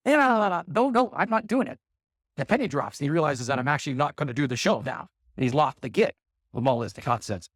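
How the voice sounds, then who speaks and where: A man at a live conference panel rattles through a story at a quick clip. His voice sits a little high, and the sound is close and dry. He rambles and acts out the quotes as he goes. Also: creaky, no room sound. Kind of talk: casual anecdote on a panel.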